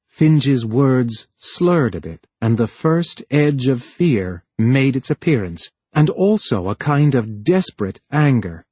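A man reading a novel aloud in a measured, even way, as scripted narration. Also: mid-range voice, husky, no echo. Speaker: audiobook narrator.

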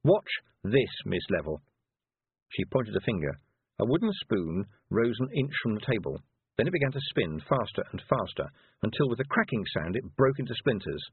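A man reading a storybook aloud in an expressive way, giving the characters their own voices. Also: on the low side, brisk, husky, no room sound. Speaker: audiobook narrator. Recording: dry, tinny phone-like sound.

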